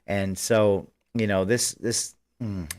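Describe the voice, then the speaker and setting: A man's voice: fairly low pitch, steady tone, slow pace, darkish tone, clear, resonant tone. A man hosting a political commentary livestream, talking fervently in rambling bursts with frequent restarts. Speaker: host.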